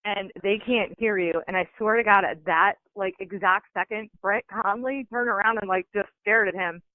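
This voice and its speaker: A woman's voice: mid-range voice, moderate pace, no echo. Chatty woman on a tinny phone line. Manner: animated, lots of fillers. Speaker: call-in guest. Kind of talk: casual storytelling.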